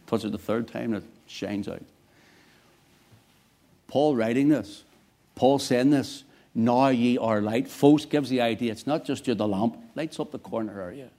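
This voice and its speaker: A man preaching a sermon, swinging between quiet, low lines and loud, emphatic bursts.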